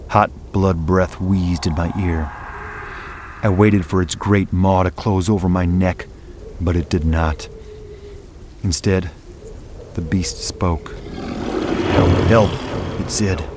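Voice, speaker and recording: A man reading a first-person horror story in a measured, grave way. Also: deep voice, noisy background. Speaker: narrator.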